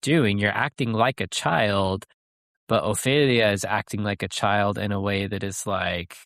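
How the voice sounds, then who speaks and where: A man co-hosting a podcast, talking about a film in a halting, thoughtful way with many fillers. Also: lowish voice, steady tone, fairly bright tone, dry recording, clean studio sound. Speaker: podcast co-host. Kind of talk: casual film discussion.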